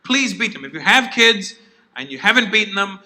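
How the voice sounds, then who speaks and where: High-voiced male stand-up comedian. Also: lively intonation, normal speed, sharp tone. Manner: blunt, punchy delivery with acted asides. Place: comedy stage before a live audience.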